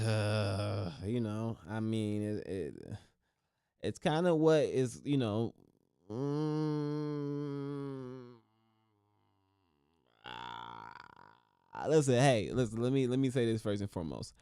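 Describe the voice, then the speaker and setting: A man hosting a podcast, giving casual commentary in an animated, joking and slangy way, often repeating himself for effect. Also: mid-range voice, slow, vocal fry, long pauses, smooth, no echo. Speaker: podcast host.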